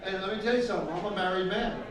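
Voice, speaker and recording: A man's voice: high-pitched, racing. A middle-aged man doing live stand-up comedy with crude, teasing crowd work, laughing at his own jokes. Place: live event stage with audience. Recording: echoey hall taken from a distance with music.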